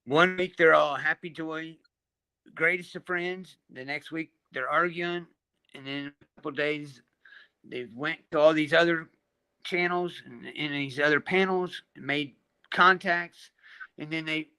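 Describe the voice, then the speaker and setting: A man's voice: on the high side, unhurried, bright, forceful tone, smooth, no room sound. A man co-hosting a live panel chat, blunt and exasperated, swearing freely. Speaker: panel co-host. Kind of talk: casual chat.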